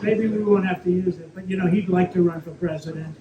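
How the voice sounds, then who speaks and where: A man's voice: high voice, steady tone, fast. A man giving an off-the-cuff Q&A speech as a politician, talking in a repetitive, boastful, rambling way full of asides. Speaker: politician answering audience questions. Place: event hall at a private club, live audience. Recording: echoey, dull audience recording with faint noise.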